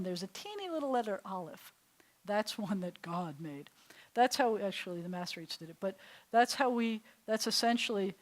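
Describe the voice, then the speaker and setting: A middle-aged woman from New York, a rabbi teaching a Hebrew class in a chatty, animated way with frequent laughs. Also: mid-range voice. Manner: chatty and animated, often laughing between points.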